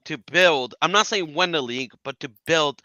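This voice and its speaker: A man's voice: a little high, normal speed, bright, forceful tone, no echo, rough recording. A man on a video call talking football as a panelist. He is earnest and often stumbles over his opening words. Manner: earnest, stammers restarts. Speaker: guest panelist. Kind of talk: casual football chat.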